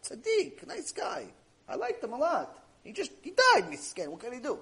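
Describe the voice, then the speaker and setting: A distraught middle-aged man begs to keep his beloved horse, as a storyteller puts him on, his voice climbing high and eager. He sounds excited and pleading, and every phrase swings wide. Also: normal speed, vocal fry, full character voice.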